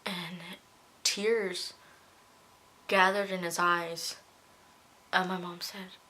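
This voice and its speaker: Bright-voiced young woman, tearful storytelling. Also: on the low side, flat delivery, drawn-out words, pauses often. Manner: emotional, tearful retelling. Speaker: vlogger. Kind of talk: casual storytelling vlog.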